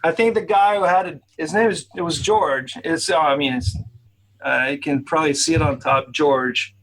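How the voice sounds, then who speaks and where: A man with a Quebec French accent tells a story as a guest on a video call. His voice sits a little high for a man. He rambles and restarts often, acting out the other people in his tale. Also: moderate pace, fairly bright tone, rough recording. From Quebec, Canada. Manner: rambling, many restarts, quotes others in the telling. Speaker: guest guitarist. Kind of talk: casual interview storytelling.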